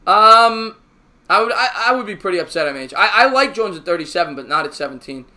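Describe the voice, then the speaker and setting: A high-voiced man with a forceful, tense edge calls a ballgame pitch by pitch as a fan on a live stream. He chats with viewers between pitches and gets loud and excitable when a play breaks open. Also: a little fast. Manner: excitable, raising his voice on big plays; chatty, answers viewer comments between pitches.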